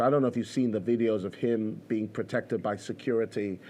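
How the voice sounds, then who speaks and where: A man's voice: lowish voice, steady tone, brisk, few pauses, mellow, slight background noise. Guy doing podcast commentary, rambly, lots of ums and restarts. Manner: chatty, many fillers and restarts. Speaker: podcast host. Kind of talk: casual commentary.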